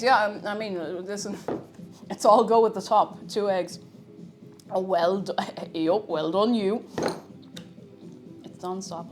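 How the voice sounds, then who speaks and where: A woman chatting to her viewers in a casual, self-mocking way while she bakes in her kitchen. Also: on the low side. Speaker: streamer. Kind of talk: live-stream baking chat. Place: home kitchen.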